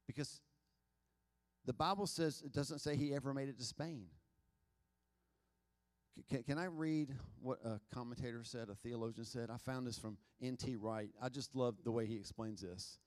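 A pastor preaching a sermon, moving between loud emphasis and quiet asides. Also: male voice, mid-range voice.

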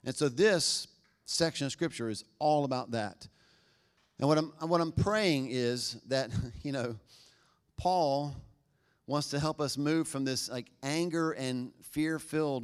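A middle-aged man preaching a conversational sermon, joking and acting out quotes in lively voices. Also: fairly high pitch, measured pace, clean tone. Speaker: pastor.

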